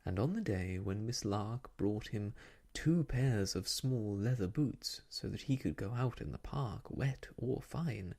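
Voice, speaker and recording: Soft asmr storyteller guy, husky low voice, lots of lilt, half whispering. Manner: gentle, slow, partly whispered.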